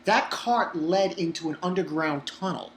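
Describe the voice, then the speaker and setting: A man reviewing a manga chapter in an excitable, profane, rambling way. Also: a little high, moderate pace. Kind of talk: casual online review.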